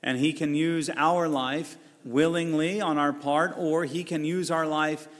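A man's voice: a little high, fairly even intonation, measured pace, long reverb tail. A pastor preaching a sermon in an earnest, conversational way, often restarting his phrases.

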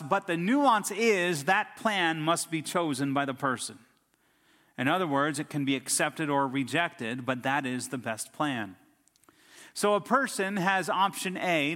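A man's voice: on the high side, pushed and bright, long reverb tail. A middle-aged man preaching a sermon as a pastor, telling stories and building emphatic lists. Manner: storytelling preacher, emphatic lists and rising outbursts.

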